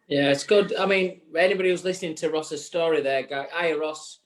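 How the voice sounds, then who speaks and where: A man's voice: a little high, a little fast. A man from England co-hosting a chat show, talking in chatty, teasing banter. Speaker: co-host. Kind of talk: casual chat.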